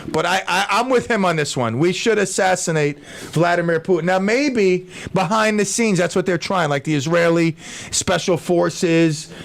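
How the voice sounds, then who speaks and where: A man's voice: high-pitched, normal speed, vocal fry. A man hosting a talk radio show, rambling in a casual monologue with stammers, restarts and jokes.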